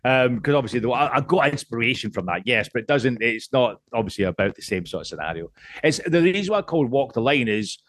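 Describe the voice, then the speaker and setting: A man's voice: medium pitch, lively intonation, quick pace, a bit bright, dry recording. A man in his late thirties, from Scotland, talking as a podcast guest in a casual chat. He rambles, restarts a lot and swears freely. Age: late 30s.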